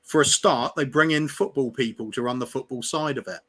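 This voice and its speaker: Measured male football pundit voice. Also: mid-range voice, a bit bright. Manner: measured, opinionated. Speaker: co-host. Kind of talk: casual fan chat.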